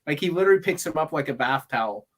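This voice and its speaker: A man chatting casually as a guest on a livestream, relaxed and laughing along. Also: on the high side, very fast. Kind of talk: casual chat.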